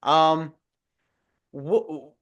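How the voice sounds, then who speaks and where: A man's voice: a little high, very slow, a bit bright, muffled recording. A man hosting a casual interview, asking brief, supportive questions. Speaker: podcast host.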